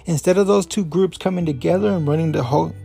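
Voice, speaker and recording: A man's voice: on the high side, fast, creaky, mellow, husky, faint music behind. A man hosting a podcast, giving a loose, rambling review full of fillers and restarts, a Spanish speaker. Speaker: podcast host. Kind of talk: casual review talk.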